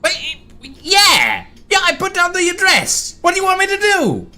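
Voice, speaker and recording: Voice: very high-pitched, wildly swooping pitch, unhurried, sharp tone, voice pushed up, full character voice. A game master voicing a flustered, stammering palace gate in a tabletop game. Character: panicky talking palace gate, defensive.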